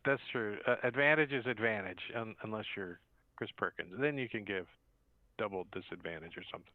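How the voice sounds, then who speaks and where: A man's voice: on the low side, brisk, dry recording. Man game-mastering over a tinny line. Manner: rambling, laid-back scene narration. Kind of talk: narrating a tabletop game over a voice call. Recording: tinny, dry phone-like line.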